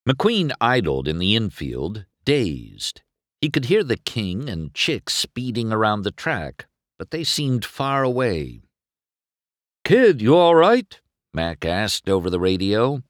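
A man reading a storybook aloud as narrator, with expressive, unhurried storytelling. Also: lowish voice, no echo, studio quality.

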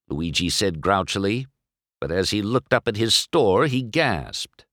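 A man reading a children's story aloud as narrator, with expressive storybook delivery on a close mic. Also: deep voice, a little slow, no room sound. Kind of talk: audiobook narration.

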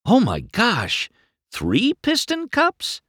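A man voicing an eager young male race car in a storybook reading, gushing and stammering with excitement. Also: fairly low pitch, unhurried, no room sound, clean studio sound, voice pushed up. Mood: starstruck.

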